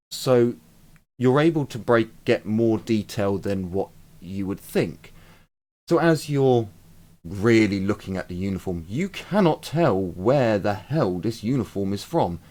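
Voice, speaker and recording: A man narrating as game master of a tabletop game, in a relaxed, halting manner with fillers. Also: on the low side.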